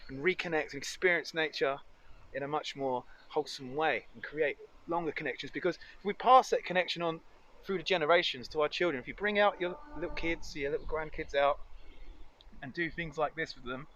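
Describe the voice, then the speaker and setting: A man's voice: a little high, fairly quick, fairly bright tone, muffled recording, a little hiss or hum. Chatty upbeat man vlogging outdoors. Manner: chatty, upbeat, muses aloud. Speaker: foraging vlogger. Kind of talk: casual outdoor vlog chat. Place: outdoors in nature.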